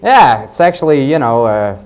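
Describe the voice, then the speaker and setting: A man from Massachusetts, a stand-up comedian telling stories with wry, deadpan asides. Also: mid-range voice, normal speed, smooth. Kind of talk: stand-up routine and talk-show chat. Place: comedy club stage with live audience. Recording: 1980s cable TV audio, audience and hiss.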